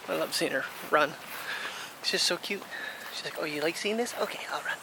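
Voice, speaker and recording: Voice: medium pitch, expressive, unhurried, long pauses, sharp tone, rough recording. A daily vlogger chatting casually while walking a puppy outdoors, talking playfully to the dog, recorded on a phone camera. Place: outdoors in a breezy park playground. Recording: outdoor recording with clear background noise. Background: wind and leaves, passing vehicles.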